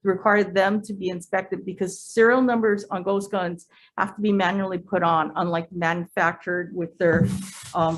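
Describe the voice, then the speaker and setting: A woman testifying as a government attorney at a legislative hearing, measured and formal with occasional hesitations. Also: fairly low pitch, low-quality recording. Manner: measured, with occasional fillers and restarts. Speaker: deputy attorney general testifying.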